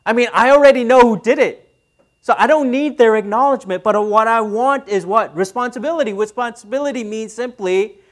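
A man's voice: extremely high pitch, brisk. A man in his thirties preaching a sermon as pastor, speaking conversationally and asking the audience questions.

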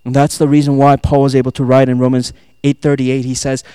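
A male pastor preaching a sermon, swinging between loud, emphatic passages and soft, hushed asides, quoting and acting out lines. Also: medium pitch, little pitch movement, fast, clean tone, no room sound, clean studio sound. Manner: quotes and acts out lines, laughs at himself.

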